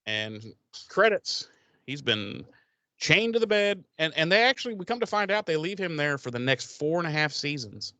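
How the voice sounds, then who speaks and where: A man's voice: fairly high pitch, sing-song, moderate pace, bright, forceful tone, no room sound. A man casually recapping a TV episode on a podcast, swearing a lot and rambling with loose quoted voices. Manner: profane, rambling storytelling with mocking quoted voices. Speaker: podcast co-host.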